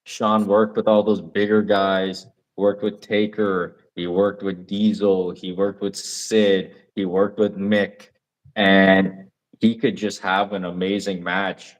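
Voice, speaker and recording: With a deep voice that barely shifts in pitch, he speaks slowly. He's a young man co-hosting a podcast, rambling eagerly through a casual conversation full of fillers.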